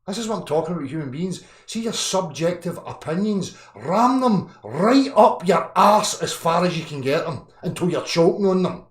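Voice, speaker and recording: A man in his thirties ranting angrily on a live chat, profane, swinging from low muttering to shouting. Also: lively intonation, moderate pace, few pauses, echoey room. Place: indoor room.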